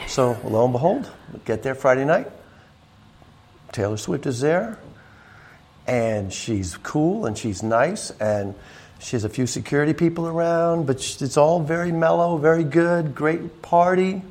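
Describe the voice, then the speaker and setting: A man, a musician guest, chatting casually and telling animated stories. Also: a little slow. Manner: animated storyteller, raises pitch to imitate others. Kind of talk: casual chat.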